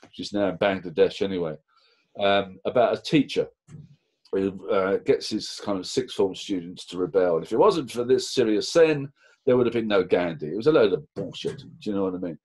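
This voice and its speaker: A middle-aged man telling anecdotes in a casual, lively interview, acting out quotes. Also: deep voice, a little fast. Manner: lively, animated anecdotes with laughs and acted-out quotes. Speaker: interview guest. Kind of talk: casual storytelling.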